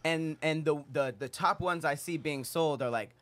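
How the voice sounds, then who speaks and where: A man's voice: a little high, a bit bright. A man hosting a podcast, talking casually and playfully with his guests. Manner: playful, hypes others, quick laughing interjections. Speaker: podcast host. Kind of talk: casual chat and freestyle rap.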